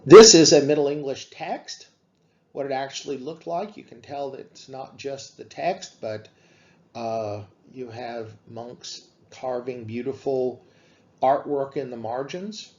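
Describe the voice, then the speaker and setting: A man giving a classroom lecture on literature, explaining slowly with frequent fillers. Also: medium pitch, dark tone, muffled recording.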